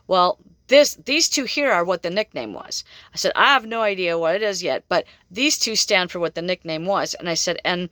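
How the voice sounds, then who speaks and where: A woman's voice: mid-range voice, fairly bright tone, no room sound. A middle-aged woman psychic telling a story in a chatty, rambling way, laughing often. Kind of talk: casual storytelling monologue.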